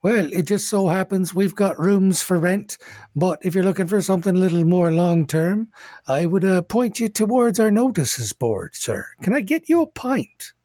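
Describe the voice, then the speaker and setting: A man's voice: high voice, animated, moderate pace, mellow, dry recording, voice pushed up. A fawning tavern barkeep, bowing and scraping with raised, eager politeness, as a man puts him on. His courtesy stays sweet while he slips in sly jabs. The sound is close and dry. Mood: courteous. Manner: overly courteous, sly insults slipped in.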